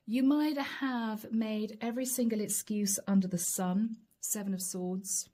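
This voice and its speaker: Woman, tarot reader, chatty and laughing, mellow tone, mid pitch. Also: slow pace, a little hiss or hum. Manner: chatty, laughing, relatable asides. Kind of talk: channeled tarot reading to camera.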